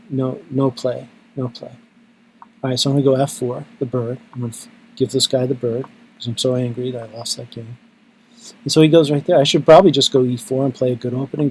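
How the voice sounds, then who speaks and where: A tired man giving self-mocking, deadpan commentary on his own blitz chess games. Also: mid-range voice, a little hiss or hum. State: exhausted. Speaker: chess channel host.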